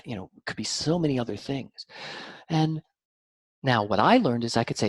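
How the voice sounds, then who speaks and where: Animated husky man explaining. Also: a little fast, no room sound. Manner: animated, swings from lively to soft and low. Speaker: guest, mind-body practitioner. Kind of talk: conversational explanation.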